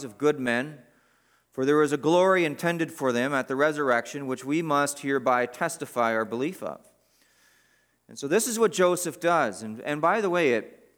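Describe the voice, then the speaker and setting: A man's voice: mid-range voice, a bit bright. A man preaching an expository sermon, reading scripture aloud with stressed words and repeating his key phrases for emphasis.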